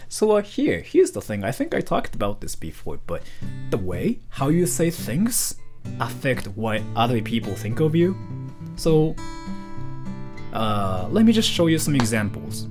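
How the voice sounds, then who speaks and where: Animated man reading stream donations. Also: medium pitch, unhurried, over music. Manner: rambling, joking, playfully awkward. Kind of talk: casual live-stream chat.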